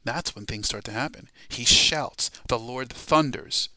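A man teaching a Bible study class in a sermon style. He speaks emphatically, builds to loud proclamations and keeps checking in with "all right?" and "okay?". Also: mid-range voice, unhurried, no echo.

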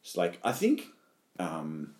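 A man's voice: deep voice, huge pitch swings, slow pace, a little mellow. A man chatting casually, hesitant and rambling with many fillers. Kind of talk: casual conversation. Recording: echoey room.

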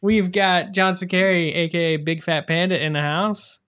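A man's voice: high-pitched, fairly even intonation, moderate pace, fairly bright tone, clean tone. A man hosting a casual group podcast, rambling and laughing easily as he introduces his co-hosts. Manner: rambling, laughs easily, mock-sings in a put-on accent. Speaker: podcast host.

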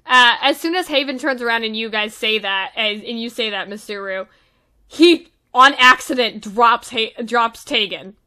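A woman's voice: fairly high pitch, normal speed, sharp tone, clean tone. A woman narrating as game master, hesitant with many fillers.

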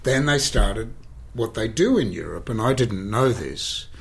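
Low-voiced actor spinning stories. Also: male voice, vocal fry. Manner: animated, dramatic pauses, repeats words for effect. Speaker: stage actor. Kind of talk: anecdotal interview storytelling. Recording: faint background noise.

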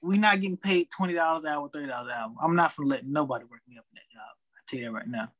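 A young man who works retail, telling work stories in a casual chat with an animated, venting delivery. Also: a little high, racing, rough recording. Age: young adult. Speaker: retail worker.

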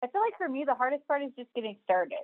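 A woman co-hosts a relaxed conversation with an upbeat, easygoing manner. Her voice comes through a thin, phone-like line from a remote call. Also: high-pitched, fast. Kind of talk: casual chat over a call. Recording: tinny phone-line sound.

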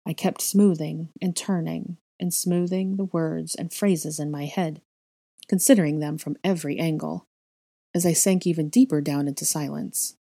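A woman reading a first-person story aloud in a measured, quiet way. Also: low-pitched, fairly even intonation, gravelly. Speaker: reader of a fan fiction story.

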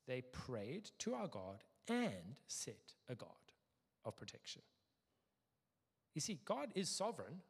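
A middle-aged man preaching a sermon as pastor, lively, acting out quoted voices with sudden jumps in pitch. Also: husky. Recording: long hall reverb.

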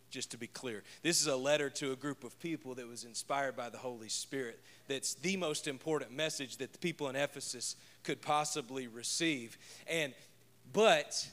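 A man's voice: on the high side, fairly bright tone. A man preaching a conversational sermon as pastor, joking and telling stories from home. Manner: chatty and joking, tells personal stories.

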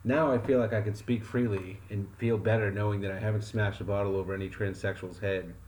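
A man's voice: fairly low pitch, fairly even intonation, a little fast, a little mellow, a little hiss or hum. A man from Wyoming co-hosting a casual podcast, speaking bluntly with wry exaggeration. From Wyoming, USA. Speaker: podcast co-host.

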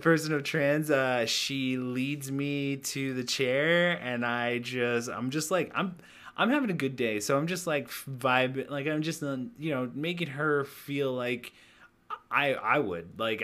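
A man's voice: mid-range voice, a little slow, a bit bright. Laid-back man telling stories on a podcast. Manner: laughing storyteller, trails off and restarts. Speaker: podcast co-host. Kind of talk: casual podcast chat.

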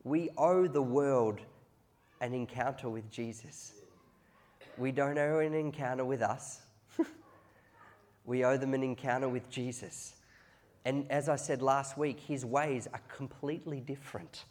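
A man preaching a sermon in a loose, conversational way, full of asides and quick restarts. He often climbs into loud, excited bursts before dropping back to a quieter, confiding tone. His voice sits in an ordinary middle pitch for a man. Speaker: pastor.

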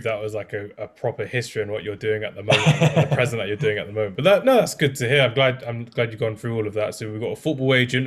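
A man's voice: fairly low pitch, fairly bright tone. A man hosting a casual football podcast, chatty and self-deprecating, with many fillers. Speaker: podcast host.

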